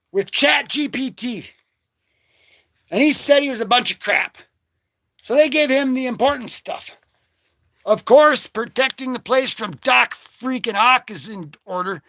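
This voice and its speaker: An excitable man hosting a casual comic book vlog, joking and slangy as he talks through his comics. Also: very high-pitched, unhurried, gravelly, long pauses, no echo, studio quality. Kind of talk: casual livestream commentary.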